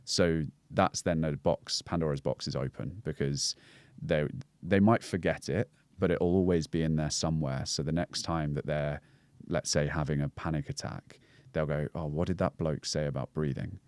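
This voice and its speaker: A man's voice: rumbling low, fairly even intonation, moderate pace, hardly any pauses, clear, resonant tone, dry recording. A man with a Scouse accent, a podcast guest talking through breathwork and mindset in a reflective, explanatory way, with many fillers and restarts. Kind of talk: casual podcast conversation.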